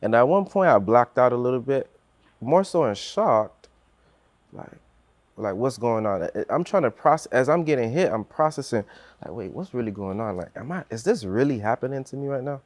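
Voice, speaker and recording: A man's voice: medium pitch, lively intonation, moderate pace, no room sound. A man telling a personal story on a podcast in earnest, acting out what others said, with many restarts.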